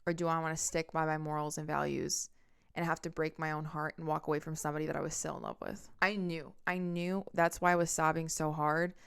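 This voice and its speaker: A young woman hosts her own podcast and tells a personal breakup story in a storytime monologue. Her voice is smooth and sits a little low for a woman. She talks with strong emphasis, swears freely and acts out the lines other people said. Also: flat delivery, a little fast, a bit bright. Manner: acts out quotes and horn sounds. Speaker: podcast host.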